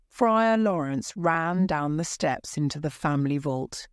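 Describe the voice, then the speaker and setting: A woman reading a simple story aloud for English learners, slow and careful. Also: deep voice, expressive, clean tone, dry recording, clean studio sound. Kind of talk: slow graded-reader narration for English learners.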